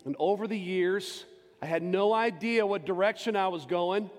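A man in his forties, a pastor, giving an impassioned personal testimony from the pulpit, swinging between loud and hushed. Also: high-pitched, normal speed. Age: 40s. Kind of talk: sermon. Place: church sanctuary. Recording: long church reverb with faint music.

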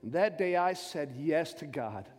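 A man in his forties, a pastor, giving an impassioned personal testimony from the pulpit, swinging between loud and hushed. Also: on the high side, lively intonation, a little slow. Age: 40s. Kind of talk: sermon. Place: church sanctuary. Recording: long church reverb with faint music.

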